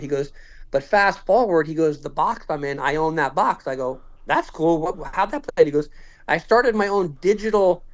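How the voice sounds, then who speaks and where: A man in his fifties telling a story in casual conversation, acting out what each person said. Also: on the high side. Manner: animated, acts out quoted dialogue. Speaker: podcast guest.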